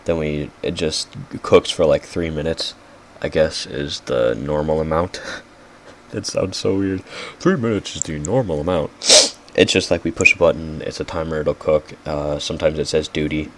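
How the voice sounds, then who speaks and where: A man's voice: rumbling low, moderate pace, noisy background. A young man hosting a casual solo podcast, rambling and losing his track, with lots of "like" fillers and self-mocking jokes. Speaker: podcast host.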